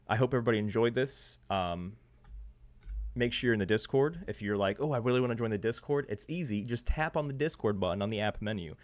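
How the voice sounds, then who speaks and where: A man with a slightly low voice hosting a live stream from his desk, talking straight to his viewers. He rambles in a loose, promotional way, full of ums and uhs. His voice is starting to wear out. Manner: loose, filler-heavy, promotional. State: losing his voice. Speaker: host of a sports betting live stream. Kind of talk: casual live stream chat.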